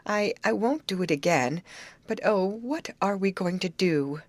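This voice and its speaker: A woman's voice: medium pitch, lively intonation, measured pace, dry recording, pitched above the performer's own voice. Woman voicing a tearful young woman, pleading, shaky delivery, dry close sound.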